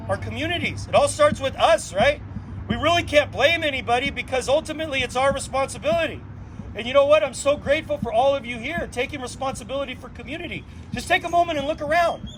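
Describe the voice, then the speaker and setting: A man with a strikingly high voice addresses a circle gathered outdoors, speaking in an inspirational, playful way and dotting his talk with rhetorical questions. Faint noise sits behind him. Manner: asks frequent rhetorical questions; playful and animated storytelling. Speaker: drum circle leader.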